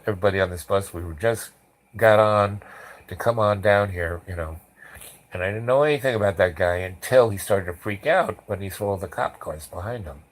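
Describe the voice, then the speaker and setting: Middle-aged male storyteller, lowish voice, loose rambling delivery, bursts into acted voices. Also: low-quality recording. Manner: animated storyteller acting out quotes loudly. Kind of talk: rambling anecdote.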